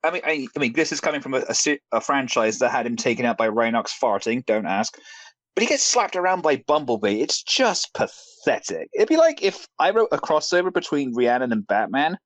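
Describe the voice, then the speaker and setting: A man's voice: mid-range voice, fairly quick, no room sound. Guy ranting bout a show, swears a lot, voice jumps all over, dry close sound. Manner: animated, sweary, mocking impressions. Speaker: reviewer hosting a group discussion. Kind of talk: casual ranting review chat.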